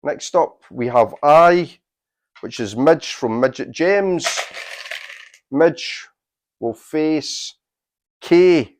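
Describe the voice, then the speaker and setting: A man, hosting a quiz and announcing its tournament draw in a deliberate, unhurried way with dry asides. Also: fairly high pitch. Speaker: quiz host.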